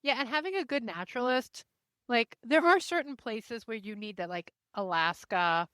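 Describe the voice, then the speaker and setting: A woman hosting a podcast, chatting casually and asking curious questions with quick interjections. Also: fairly high pitch, expressive, bright, forceful tone, no echo. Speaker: podcast host.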